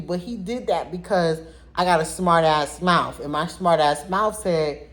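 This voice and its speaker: A woman telling viewers a personal story in a casual vlog, talking in an animated, blunt way and addressing them directly. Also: fairly low pitch, measured pace.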